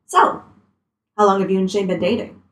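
A woman's voice: mid-range voice, steady tone, brisk, reverberant, natural voice. Woman voicing a blunt meddling coworker. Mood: teasing. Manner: blunt, teasing.

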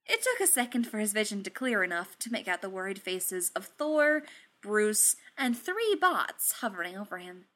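Woman storyteller, steady narration, bright tone. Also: mid-range voice, normal speed. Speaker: reader. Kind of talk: reading fan fiction aloud.

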